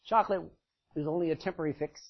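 A middle-aged man preaches a sermon in a high, husky voice, folksy and emphatic, rising to loud declarations and dropping to near-quiet asides. The recording sounds dull and lo-fi. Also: racing.

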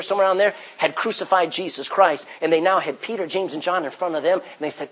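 A man preaching a sermon as pastor, emphatic, swinging from loud declarations to hushed, quiet passages. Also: on the high side, quick pace, few pauses, slightly rough, low-quality recording.

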